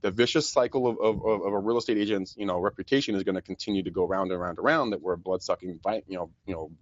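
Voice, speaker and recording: A man co-hosting a casual podcast chat, talking fast with lots of repeated words and frequent laughs. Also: low voice, lo-fi sound. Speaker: podcast co-host, real estate agent.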